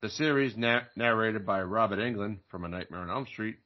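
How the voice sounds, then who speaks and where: A man's voice: lowish voice, fairly quick. A man co-hosting a movie podcast, reading horror news aloud in a casual joking way and tripping over words. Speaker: podcast co-host. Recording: dull lo-fi sound.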